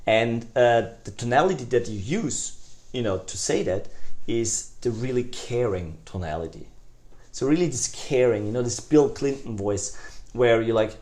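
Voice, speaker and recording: A man teaching a recorded sales lesson. He talks conversationally with many fillers and restarts, and he demonstrates sales tonalities by swinging between loud enthusiasm and soft, hushed lines. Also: medium pitch, lively intonation, moderate pace. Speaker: sales trainer.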